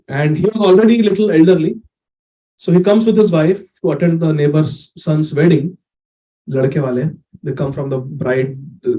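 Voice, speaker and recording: Male sermon speaker, fairly high pitch, mellow tone, chatty storyteller who laughs a lot. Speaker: speaker giving a scripture discourse.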